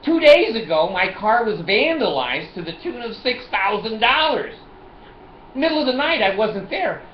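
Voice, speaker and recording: A man recounts a personal story in a vlog, acting out each exchange with laughs and curses. His voice sits fairly high and swings widely in pitch. The recording is muffled and lo-fi, with a roomy echo. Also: moderate pace, slight background noise. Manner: animated, acts out dialogue, laughs and swears. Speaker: vlogger. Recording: echoey, dull lo-fi room recording.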